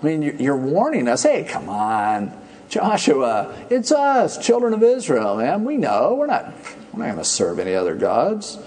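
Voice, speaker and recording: Brief: man playing smug Israelite crowd, brushing off warnings, pitched up. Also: wildly swooping pitch, normal speed, a little mellow. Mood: protesting. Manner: breezy and dismissive.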